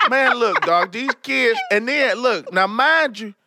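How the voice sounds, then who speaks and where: A man's voice: very high voice, expressive, a little slow, bright, forceful tone, no echo, clean studio sound. A young man, telling profane stories as a podcast co-host, acting out quotes and laughing often. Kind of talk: casual storytelling chat.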